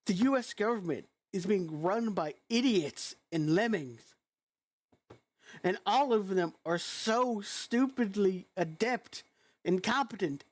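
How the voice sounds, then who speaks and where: A woman with a youthful-sounding voice delivers a heated, blunt reaction rant. She talks slowly and swears freely, her frustration plain in every phrase. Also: medium pitch. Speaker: vlogger.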